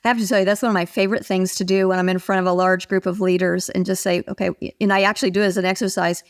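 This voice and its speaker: An older woman, a motivation expert, talking as a guest in an interview and telling stories with lively acted-out quotes. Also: lowish voice, fast. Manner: animated storyteller, acts out quoted voices. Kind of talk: interview conversation.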